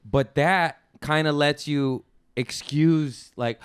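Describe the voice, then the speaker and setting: A man's voice: medium pitch, expressive, clear, resonant tone, no echo, clean studio sound. Joking, profane male podcast guest. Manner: profane, joking, quick quips. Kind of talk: casual chat.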